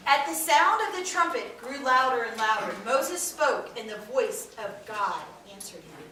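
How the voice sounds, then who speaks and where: Bible teacher, woman, high voice, storytelling to a class, recorded from afar in a noisy echoey room. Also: a little slow, recorded from a distance. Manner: expressive storytelling, quizzing the children. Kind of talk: animated Bible lesson for kids. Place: classroom with children.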